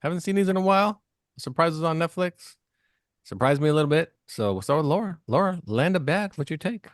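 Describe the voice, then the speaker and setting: A man's voice: a little high, lively intonation, a little fast, no echo, studio quality. A man hosting a podcast in casual chat, joking and rambling loosely. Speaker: podcast host.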